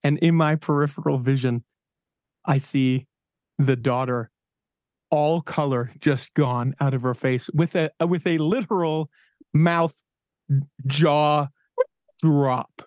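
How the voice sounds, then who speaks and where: Man, podcast host, animated storyteller, a bit high-pitched, dry close sound. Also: a little slow, dry recording. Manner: animated storyteller, acts out quoted voices. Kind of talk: casual storytelling chat.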